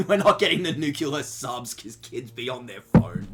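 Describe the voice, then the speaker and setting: A woman's voice: a bass voice, very animated, moderate pace, faint music behind. A woman streaming a horror game, chatting casually and joking with a guest, sarcastic and full of swearing.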